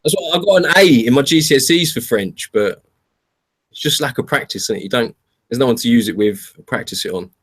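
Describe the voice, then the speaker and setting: A man's voice: medium pitch, animated, a little fast, a bit bright, slightly rough. Chatty man hosting a stream. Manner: chatty, laughs easily, rambling anecdotes. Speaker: livestream host. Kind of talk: casual online chat.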